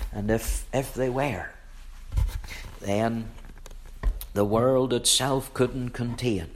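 A man preaching a sermon in a measured, emphatic way, repeating phrases for weight. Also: fairly low pitch, slight background noise.

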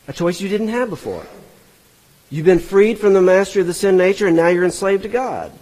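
A husky-voiced man with a slightly high pitch, teaching a Bible passage in an earnest, explanatory way. He sometimes breaks off to correct himself mid-phrase. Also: darkish tone, poor audio.

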